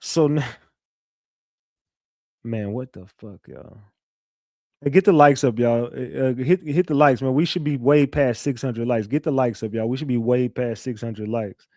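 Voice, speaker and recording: A man's voice: mid-range voice, measured pace, pauses often, warm tone, no room sound. Profane man hosting a livestream, dry mic. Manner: loose, profane, repeats himself, reads messages aloud. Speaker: livestream host. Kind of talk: casual livestream commentary.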